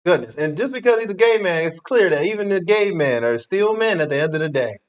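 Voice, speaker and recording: A man's voice: high voice, expressive, brisk. A man reacting with blunt, slangy jokes as a co-host. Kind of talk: reaction commentary. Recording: dull lo-fi sound.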